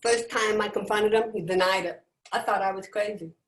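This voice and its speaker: A woman's voice: medium pitch, fairly even intonation. Emphatic woman telling her story, roomy sound. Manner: emphatic, dramatic, with deliberate pauses. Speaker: motivational speaker. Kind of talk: personal storytelling talk. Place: indoors, at home on a video call. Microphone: video call microphone. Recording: roomy echo.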